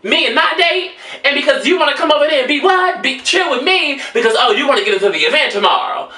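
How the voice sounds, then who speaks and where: A woman's voice: high voice, expressive, fast, pushed and bright, roomy sound, distant mic. A woman telling a sassy story as a rant to her viewers, brassy and dramatic, calling them honey. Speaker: vlogger.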